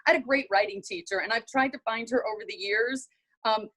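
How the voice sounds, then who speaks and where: A woman's voice: fairly high pitch, fairly quick. A middle-aged woman from North Carolina with a Southern accent, a television writer and presenter telling stories as an interview guest and acting out the people she quotes. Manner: animated storyteller acting out quoted voices. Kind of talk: casual interview storytelling.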